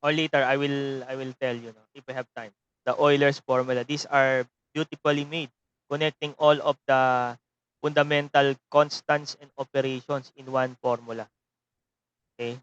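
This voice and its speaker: A man's voice: mid-range voice, little pitch movement, normal speed, fairly bright tone, smooth, muffled recording. A man with a Filipino accent lecturing an online seminary math class, rambling and tagging phrases with a questioning "no?". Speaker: seminary mathematics teacher.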